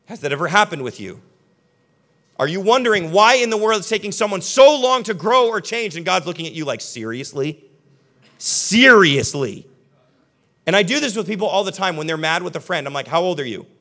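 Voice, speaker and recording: Young guy pastor preaching, kinda higher voice, chatty and punchy, talking right at the crowd. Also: lively intonation, fast talker, a bit bright. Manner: conversational, emphatic, addresses the audience directly. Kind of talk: sermon. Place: church hall with a live audience.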